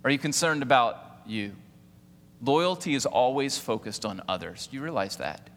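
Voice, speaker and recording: A man's voice: mid-range voice, lively intonation, moderate pace, a bit bright. A man in his forties preaching a sermon as pastor, firing rhetorical questions at the congregation and calling on them to answer. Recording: long hall reverb.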